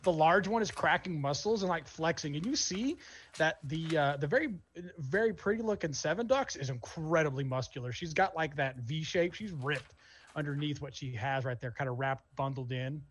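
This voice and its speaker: A man narrating as game master of a tabletop game, casual and halting with many fillers. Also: fairly high pitch, slight background noise.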